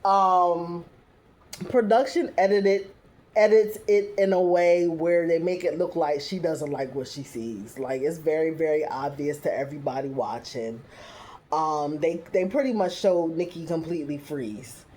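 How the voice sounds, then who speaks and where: Chatty woman with a mellow voice. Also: sits low, measured pace. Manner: chatty, full of "you know" and "um" fillers; blunt, sassy asides. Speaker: reality TV recap reviewer. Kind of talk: casual recap commentary.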